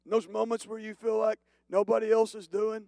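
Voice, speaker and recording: A male pastor preaching a sermon, moving from hushed, slow passages to loud, emphatic declarations. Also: high voice, flat delivery, vocal fry, no room sound. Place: church.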